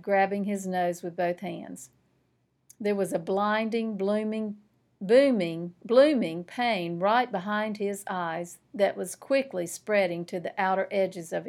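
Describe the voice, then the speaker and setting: A woman, a school principal, reading a children's novel aloud with expressive, lively storytelling. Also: medium pitch.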